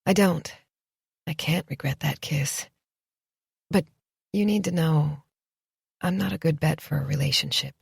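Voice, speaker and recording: A woman's voice: low voice, measured pace, vocal fry, long pauses, slightly rough, no echo, studio quality, exaggerated voice. Woman doing a guarded, anxious young artist. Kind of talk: audiobook dialogue.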